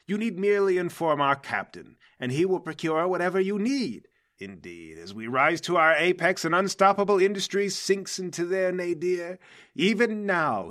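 A pompous, theatrical villain boss, played by a man, holding forth with grand self-importance. The voice sits a bit high and sounds bright and forceful. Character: grandiose scheming male villain leader.

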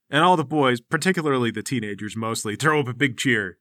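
A man narrating a comedic tabletop game as game master, deadpan and matter-of-fact. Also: medium pitch, fairly quick, hardly any pauses, no echo, clean studio sound.

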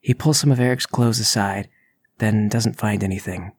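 A man narrating as game master in a tabletop game, telling the story steadily with soft asides. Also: fairly low pitch, moderate pace, breathy edge.

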